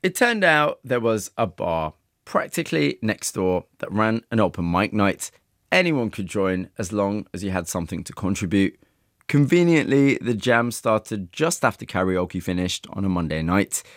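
A man narrating a documentary and asking questions, in a measured, matter-of-fact way. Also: fairly low pitch, big pitch swings, dry recording, studio quality. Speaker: interviewer and narrator.

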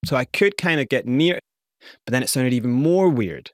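A man with a Scottish accent, a guest in an interview, recounting his past with candid, animated storytelling. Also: mid-range voice, moderate pace, dry recording, studio quality. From South Africa and Scotland. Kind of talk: personal storytelling.

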